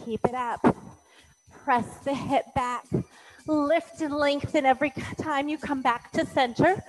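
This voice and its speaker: A woman's voice: sits high, fairly even intonation, measured pace, poor audio. A woman fitness instructor calling out moves in an exercise class, encouraging and counting, a little out of breath.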